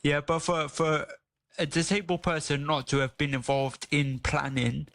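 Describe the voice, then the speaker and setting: A man chatting in a radio studio, his voice pitched a bit high and edged with gravel. He talks loosely, full of slang and stumbling restarts. The sound is dry and close. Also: moderate pace, dry recording. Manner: relaxed, street slang, many restarts. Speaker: radio guest, disability campaigner. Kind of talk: casual radio chat.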